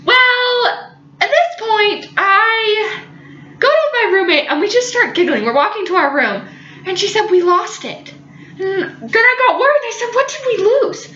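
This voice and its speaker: A woman's voice: very high-pitched, measured pace, slight background noise. A young woman telling a funny personal story, giggly and dramatic. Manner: giggly, animated, dramatic retelling. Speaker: vlogger. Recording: echoey room, slightly dull audio.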